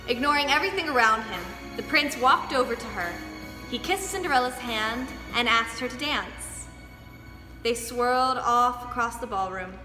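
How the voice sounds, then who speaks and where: A young woman dance teacher reading a storybook aloud to children, lively and expressive. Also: a little high. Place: dance studio. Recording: echoey studio hall, faint music.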